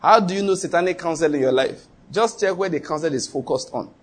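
A man's voice: on the high side, fast talker, husky. A man preaching a sermon as pastor, emphatic and repetitive, often quizzing the congregation with rhetorical questions.

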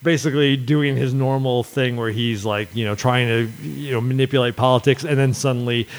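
A man co-hosting a casual chat, telling stories in an animated way and breaking into high-pitched impressions of other people. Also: brisk. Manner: animated storyteller, mimics people in high voices.

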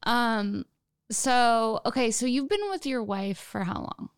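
A woman hosts a casual comedy podcast, joking at her own expense with a theatrical streak. Her voice has a gravelly, fried edge. The sound is close and dry. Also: on the high side, big pitch swings, slow pace, dry recording. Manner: chatty, self-deprecating, dramatic. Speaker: podcast host.

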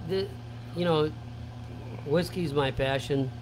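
A man's voice: on the high side, takes it slowly, noisy background. A man who owns a store, chatting casually and earnestly, with lots of fillers and restarts. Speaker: store owner. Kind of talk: casual chat. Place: store with background ambience.

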